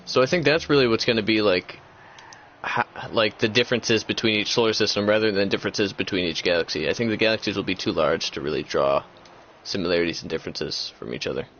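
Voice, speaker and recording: A young man with a lowish voice talks casually as the host of a gaming chat, rambling and circling back with many fillers and restarts. The recording sounds dull and lo-fi. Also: fast talker, fairly bright tone, a little hiss or hum.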